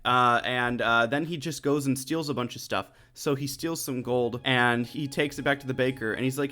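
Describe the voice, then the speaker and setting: A man casually recapping a musical's plot for his channel, joking and paraphrasing the characters in offhand quick voices. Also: mid-range voice, fairly even intonation, bright, forceful tone. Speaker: movie recap host.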